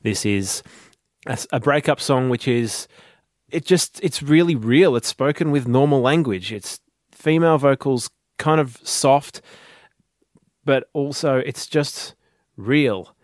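A man's voice: mid-range voice, slow pace, dry recording, clean studio sound. Laid-back man podcast host. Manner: laid-back, laughs often, blunt asides. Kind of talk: casual music chat.

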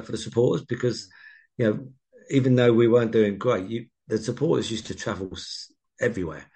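A man's voice: lowish voice, creaky, darkish tone. A man in his sixties, a former footballer, telling rambling anecdotes as a guest in a casual interview. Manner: rambling anecdotal storytelling, many restarts.

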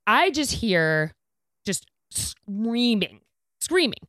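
Animated woman laughing through a story. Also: a little high, drawn-out words, dry recording, clean studio sound. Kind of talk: casual storytelling chat.

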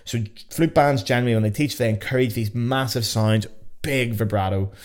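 A man with a Northern Irish accent hosting a casual solo podcast, chatty and excitable, swearing freely as he talks. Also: mid-range voice, moderate pace. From Northern Ireland. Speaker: podcast host. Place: home.

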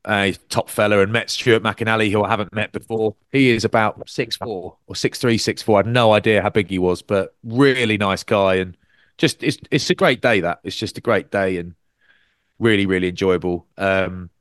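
A man co-hosts a rugby podcast and works as a rugby commentator; in casual chat he tells stories animatedly, voicing quotes with big pitch swings. He speaks at a moderate pace in clean studio sound with no room tone.

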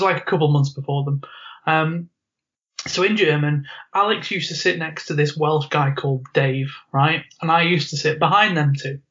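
Laughing man telling a story. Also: on the high side. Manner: animated storyteller, laughs often, acts out quotes. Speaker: podcast co-host. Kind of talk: casual storytelling chat. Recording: muffled lo-fi podcast audio.

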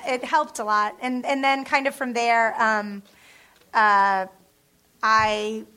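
A woman's voice: fairly high pitch, steady tone, slow, pushed and bright. A woman television writer telling stories on a panel in a chatty, self-deprecating way, laughing often and using lots of fillers. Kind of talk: casual storytelling on a panel.

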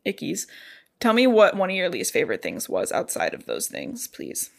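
A woman's voice: fairly low pitch, wildly swooping pitch, moderate pace, vocal fry. Young woman podcast co-host, chatty and blunt, casual book-club talk. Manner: chatty, summarizes plot with offhand opinions.

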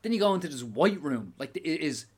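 Swearing Irish lad telling a story. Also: male voice, a little high, a little fast, slightly rough. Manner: animated storytelling, heavy swearing. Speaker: podcast co-host. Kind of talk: casual chat.

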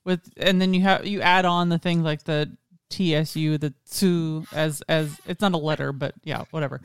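A man's voice: on the high side, steady tone, normal speed, clear, resonant tone, no echo, clean studio sound. A man co-hosting a casual podcast, correcting pronunciation in a rambling, pedantic way. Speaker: podcast co-host. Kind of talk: casual chat.

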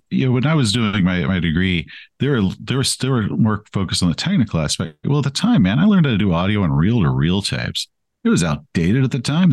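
A man's voice: low voice, no echo. A man chatting as a podcast guest, rambling and self-deprecating, with frequent restarts. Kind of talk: casual interview chat.

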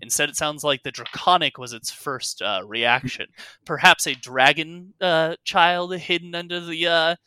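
A man narrating as game master in a tabletop game, halting with many fillers. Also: a little high, steady tone, sharp tone, smooth, dry recording.

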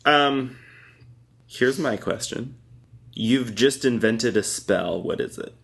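A man's voice: mid-range voice, takes it slowly, gravelly. A young man co-hosting a casual chat, playful and joking, laughing often.

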